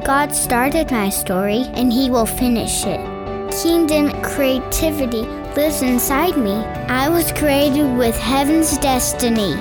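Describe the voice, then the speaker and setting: A girl earnestly reciting affirmations in an ad. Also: high-pitched.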